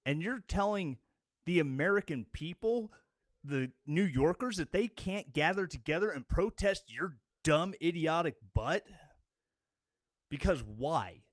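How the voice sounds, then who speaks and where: A man's voice: fairly high pitch, lively intonation, measured pace, no room sound, studio quality. A man giving an angry, sarcastic political rant as a commentator. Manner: sarcastic and combative.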